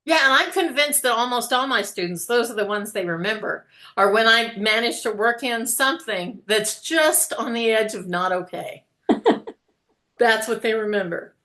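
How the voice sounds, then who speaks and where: A woman's voice: fairly high pitch, moderate pace, sharp tone. A woman teacher chatting casually, telling stories and laughing often. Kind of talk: casual conversation.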